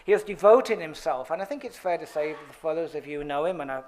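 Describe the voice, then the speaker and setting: A man's voice: fairly high pitch, animated, fast, darkish tone. A man reading an award tribute speech at a podium, with playful asides and laughing at his own script. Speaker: award presenter. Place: banquet hall at an awards dinner.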